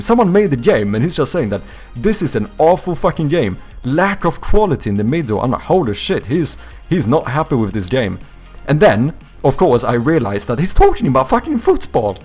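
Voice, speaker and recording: A young man speaking at a middling pitch, chatting on a live stream from his home setup. He reacts to viewer messages in an animated way, swearing and laughing as he goes. Faint music plays low in the background. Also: moderate pace. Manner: reads out and answers viewer chat. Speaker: streamer and game developer. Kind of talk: casual live-stream chat.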